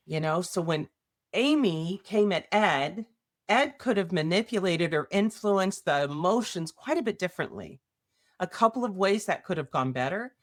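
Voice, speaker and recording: Woman podcast host, slightly low voice, conversational, keeps tagging points with "right?". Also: animated, a little slow. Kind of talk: casual podcast explanation with workplace examples.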